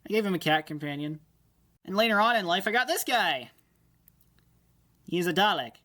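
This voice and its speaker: A man's voice: sits high, animated, normal speed, bright, forceful tone. A young man in a casual rambling monologue, enthusiastic, nerdy and self-deprecating. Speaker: YouTuber.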